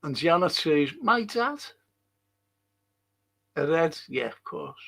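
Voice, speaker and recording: A man runs a casual livestream and chats his way through viewers' comments. His voice sits a little high and has a gravelly rasp. He talks slowly and rambles, with the odd curse thrown in. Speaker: livestream host reading viewer chat.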